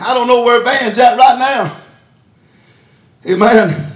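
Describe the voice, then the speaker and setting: A man preaching a sermon, shouting out a story with frequent "uh" and hallelujahs. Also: very high voice, slow pace. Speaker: pastor. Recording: echoey church with music behind.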